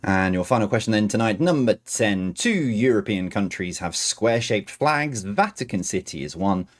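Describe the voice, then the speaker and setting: A man's voice: lowish voice, animated, normal speed. A man hosting a quiz night on a stream, reading questions aloud with chatty, self-mocking asides between them. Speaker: quiz host.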